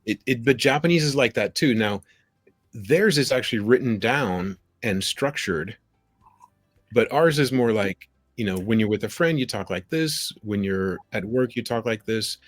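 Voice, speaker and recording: A man speaking as a guest on a video call, animated and storytelling, acting out the people he quotes. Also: fairly low pitch, normal speed, dry recording, faint music behind. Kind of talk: conversational storytelling.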